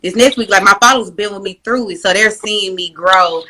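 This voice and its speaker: A woman guest on a casual talk show, telling stories in an animated, slangy, joking way. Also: mid-range voice, a little fast, poor audio. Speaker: podcast guest. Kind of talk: casual interview chat.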